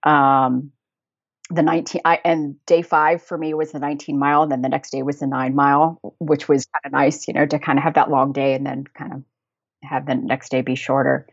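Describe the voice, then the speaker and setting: A woman's voice: extremely low pitch, flat delivery, brisk, no room sound, dull audio. An American woman chatting as a podcast guest, rambling and laughing often. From United States. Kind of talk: casual chat.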